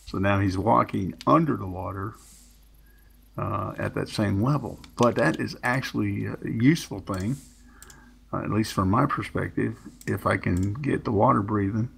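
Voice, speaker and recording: A man hosting a relaxed gaming session, talking slowly and joking with friends. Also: fairly low pitch, vocal fry, a little hiss or hum. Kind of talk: casual gaming chat.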